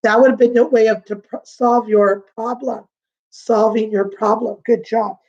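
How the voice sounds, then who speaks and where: A woman teaching a remote lesson to young children, patient and sing-song, repeating words slowly. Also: fairly high pitch, steady tone, darkish tone, dull audio. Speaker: kindergarten teacher.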